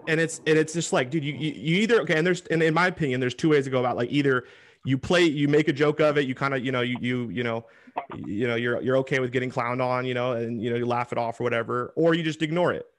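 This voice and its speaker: A man hosting a casual interview, talking in an animated, opinionated way. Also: mid-range voice, fast talker, a little hiss or hum. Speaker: host.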